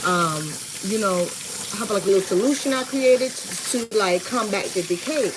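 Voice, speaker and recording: Speaking at a moderate pace in a mid-range voice, a vlogger from Florida chats casually with her viewers through a rambling storytime. She sounds tired yet lively, restarts often, and keeps calling her audience y'all, with some background noise audible.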